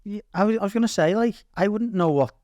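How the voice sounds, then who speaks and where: A man hosting a podcast, chipping in with quick, jokey asides during a chat. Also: high-pitched, a little mellow, dry recording, clean studio sound. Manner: quick interjections and jokey backchannel. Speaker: podcast host. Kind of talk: casual chat.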